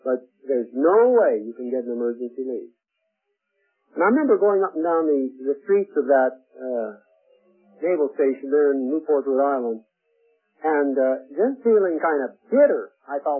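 An older man preaching a sermon, telling personal stories earnestly with frequent pauses. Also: mid-range voice, lively intonation, husky, soft background music. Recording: tinny phone-like radio broadcast.

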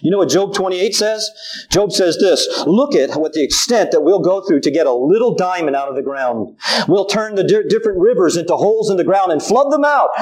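A middle-aged man preaches with a high, bright-sounding voice, lively and animated. He slips into little acted quotes from his family as he makes his points. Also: low-quality recording. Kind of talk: sermon.

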